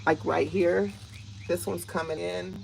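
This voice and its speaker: Lowish-voiced woman showing off her garden on her phone, excited and emotional, bit of outdoor noise. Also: unhurried, gravelly. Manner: emotional, enthusiastic, talks straight to viewers. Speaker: vlogger. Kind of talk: casual garden walkthrough vlog. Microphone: phone held while walking.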